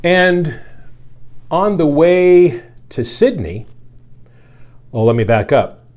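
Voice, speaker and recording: A man's voice: on the high side, big pitch swings, slow, a little mellow. A middle-aged man, a radio journalist, spinning a casual, meandering yarn full of asides. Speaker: radio journalist telling a story. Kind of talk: casual storytelling.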